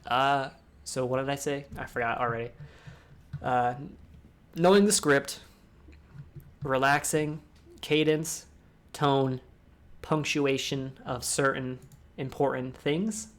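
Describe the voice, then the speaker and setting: A man's voice: mid-range voice, fairly even intonation, slow pace, pauses often, fairly bright tone. A young man from the United States giving a casual, rambling talk on public speaking, with restarts and asides. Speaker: discord talk host.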